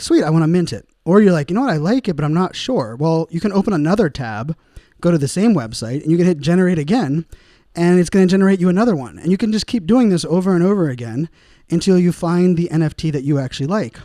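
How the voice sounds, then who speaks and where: A man's voice: on the high side, warm tone, no echo, clean studio sound. A man hosting a solo podcast, talking casually and rambling with lots of fillers, chuckling at his own puns. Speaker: podcast host.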